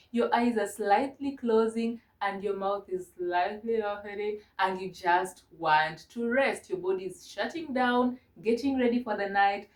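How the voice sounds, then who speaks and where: Slow, gentle woman teacher in an echoey room. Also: medium pitch. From Kenya. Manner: slow, gentle, encouraging, spells words out. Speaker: online ESL teacher. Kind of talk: mock demo lesson to an imagined child.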